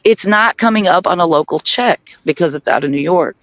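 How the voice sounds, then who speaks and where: High-voiced man telling a story animatedly. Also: fairly quick, dry recording, muffled recording. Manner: animated, acts out both sides of the dialogue, laughs often. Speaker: guest on a group chat show. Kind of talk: casual storytelling in a group chat.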